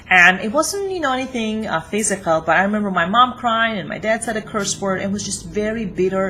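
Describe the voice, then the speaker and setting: Bright-voiced, encouraging woman coach. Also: medium pitch, slight background noise. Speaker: relationship coach. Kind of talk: guided self-help lesson talking to camera.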